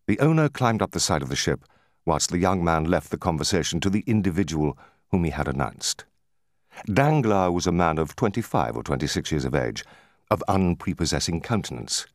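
A low-voiced man reads a classic novel as an audiobook, his scripted narration measured and expressive. The recording is dry and studio quality.

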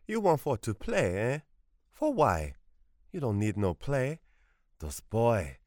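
A man's voice: mid-range voice, huge pitch swings, takes it slowly, dark tone, dry recording, clean studio sound, pitched above the performer's own voice, heavily acted. A man reading a storybook voices a stern old Creole grandmother who scolds in clipped, broken English. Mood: scolding.

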